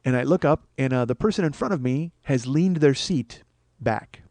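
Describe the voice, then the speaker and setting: A man's voice: medium pitch, animated, moderate pace, darkish tone, no echo. A man in his forties hosting a comedy podcast, telling a profane story and acting out the other people's voices. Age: 40s.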